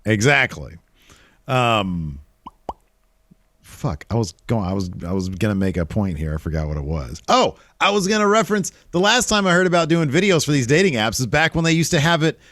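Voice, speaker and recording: A man's voice: mid-range voice, very animated, fairly quick, fairly bright tone, dry recording, studio quality. A man in his thirties co-hosting a casual podcast, chatting in a rambling, self-mocking way. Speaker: co-host.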